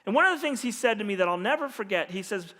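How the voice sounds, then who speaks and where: A man preaching as a pastor, telling a personal story earnestly and dropping to a hushed voice when he quotes others. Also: high-pitched, animated, fast. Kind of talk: storytelling sermon. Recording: long hall reverb.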